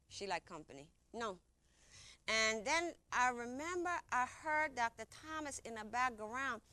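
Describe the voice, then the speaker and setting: A woman's voice: high-pitched, pushed and bright, no room sound. A woman recounting a personal experience in casual, informal speech, often repeating herself and acting out what others said. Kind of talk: conversational personal storytelling.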